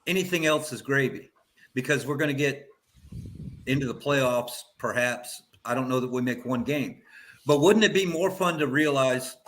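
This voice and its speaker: A man's voice: medium pitch, moderate pace, a bit bright. A man co-hosting a sports talk show, musing in a laid-back, hedging way.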